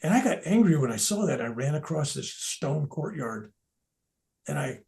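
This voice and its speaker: An older man telling personal spiritual stories in a relaxed, unscripted way. His voice sits slightly high for a man and has a warm, mellow tone. He stumbles and restarts his sentences, and he sinks into soft, near-whispered words for emphasis. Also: normal speed, gravelly. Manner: animated storyteller, drops to near-whispers, restarts often. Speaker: speaker at a veterans event. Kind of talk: spoken personal storytelling.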